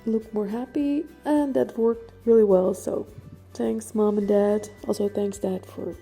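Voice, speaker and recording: Chatty young Dutch woman, mellow voice. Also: mid-range voice, steady tone, unhurried, husky, faint music behind. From Netherlands. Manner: chatty, filler-heavy, laughs often. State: out of breath. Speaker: portrait painter. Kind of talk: casual studio vlog.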